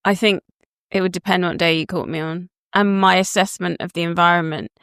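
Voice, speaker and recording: Woman co-host, lowish smooth voice, thoughtful and measured, dry audio. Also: fairly even intonation, fairly bright tone, dry recording. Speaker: podcast co-host. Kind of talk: casual chat.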